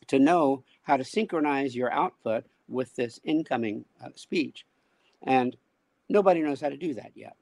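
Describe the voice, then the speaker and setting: A man being interviewed as a speech technology expert, explaining ideas in a measured, thoughtful way. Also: medium pitch, gravelly, a little mellow, no room sound. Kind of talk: casual conversational interview.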